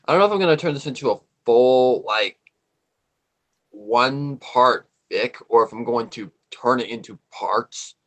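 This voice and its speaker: A man speaks casually on a livestream in a middle-pitched voice. He sounds laid-back and pauses often, a little hesitant. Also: animated, a bit bright, low-quality recording. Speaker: livestream co-host. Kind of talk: casual chat.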